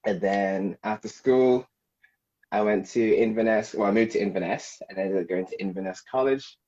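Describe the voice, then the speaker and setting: A man's voice: fairly low pitch, moderate pace, a little mellow, muffled recording. A man from the English Midlands, a guest on a podcast, reminiscing in a rambling, giggly way. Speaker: guest graphic designer. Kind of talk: casual podcast chat.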